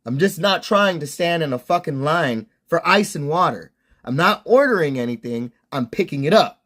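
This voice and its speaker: A young man with a notably high voice vents in a casual, swear-laden rant. He sounds exasperated, piling on complaints and repeating himself as he streams. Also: animated, moderate pace, a bit bright. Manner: heavy swearing, exasperated ranting. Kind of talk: casual ranting monologue.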